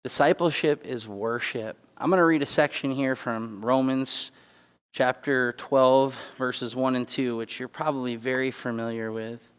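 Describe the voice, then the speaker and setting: A smooth, unhurried, mid-range voice with a steady tone belongs to a man preaching as a guest in a church sanctuary. He speaks conversationally and with emphasis, making asides and restarts as he holds back tears. The recording has church hall reverb.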